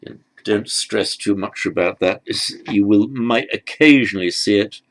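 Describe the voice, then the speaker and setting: Low gravelly male teacher. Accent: British. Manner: halting, repeats words while writing. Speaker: language teacher. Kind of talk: handwriting lesson.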